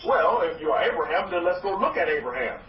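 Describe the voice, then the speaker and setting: A man preaching as a rabbi to a congregation, loud and excited, repeating phrases for emphasis. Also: fairly high pitch, fast talker. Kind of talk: energetic sermon to a congregation. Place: hall with congregation. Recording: roomy, distant, dull lo-fi recording with faint noise.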